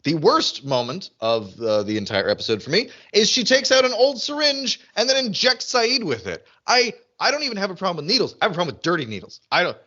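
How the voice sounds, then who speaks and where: A man co-hosting a podcast in casual chat, animated and often mimicking characters in high excited voices. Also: fairly quick, hardly any pauses, dull audio. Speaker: podcast co-host.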